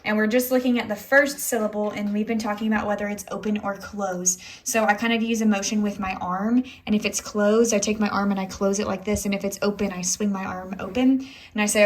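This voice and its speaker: A woman's voice: mid-range voice, level tone, a little fast. Chatty young woman teacher vlogging. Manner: chatty, rambling, many "like"s and "anyways". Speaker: elementary school teacher. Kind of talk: casual day-in-the-life vlog talk.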